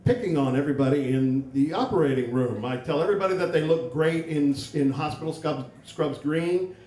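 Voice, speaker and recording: A man's voice: fairly high pitch, a little fast, a little mellow, a little hiss or hum. A man telling a comic personal story on stage at a live story slam, with wry, self-mocking humor. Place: stage in a hall, live audience. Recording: roomy hall, mic from far off.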